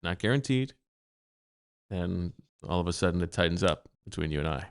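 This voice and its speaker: Deep-voiced deadpan male podcast co-host. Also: normal speed, vocal fry, clear, resonant tone. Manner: flat, deadpan delivery. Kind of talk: casual sports chat.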